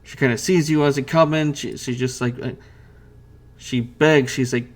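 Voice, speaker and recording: A man's voice: mid-range voice, fairly even intonation, normal speed. A man running a tabletop game as game master, hesitant with many fillers and restarts.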